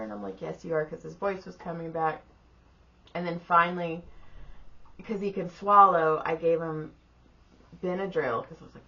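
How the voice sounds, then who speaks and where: A woman's voice: lowish voice, moderate pace, creaky. A middle-aged woman co-hosting a podcast, telling a tired, profane story in casual chat and acting out the people in it. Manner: profane, animated retelling with quoted voices. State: exhausted. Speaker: podcast co-host. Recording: slightly dull audio with faint room noise.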